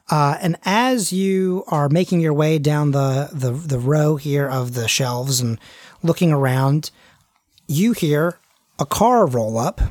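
A game master narrating a tabletop role-play, halting and full of fillers. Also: mid-range voice, a little mellow, dry recording. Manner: halting, many fillers and restarts.

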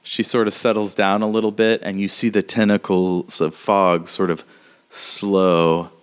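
A man runs a tabletop game as game master. He narrates casually and fills his talk with fillers. His voice sits somewhat low. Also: little pitch movement, measured pace, smooth.

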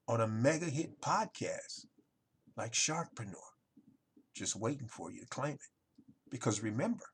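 This podcast host is a man with a slightly high, gravelly voice carrying a breathy edge. He runs a marketing talk show, giving a motivational monologue in which he speaks emphatically to listeners and stacks up rhetorical questions.

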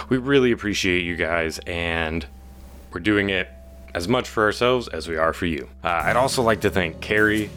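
Low-voiced male dungeon master. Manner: relaxed, with frequent uh fillers. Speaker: dungeon master and podcast host. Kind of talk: casual game narration.

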